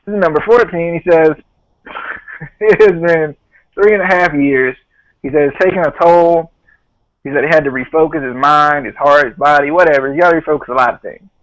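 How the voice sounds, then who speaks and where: A man hosts a casual podcast recap, retelling what people said in a loose, joking way. His voice sits a little high. The sound is dry and close, with no room around it. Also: brisk, a bit bright, no room sound, dull audio. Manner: laughs often, quotes others in a loose retelling. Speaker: podcast host.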